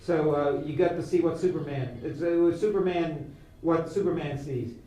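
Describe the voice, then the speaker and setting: A man doing a rambling comic bit as a doctor, halting and full of stops and restarts. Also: a little high, mellow. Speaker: guest playing a doctor. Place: small studio. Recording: echoey room from far off, music behind.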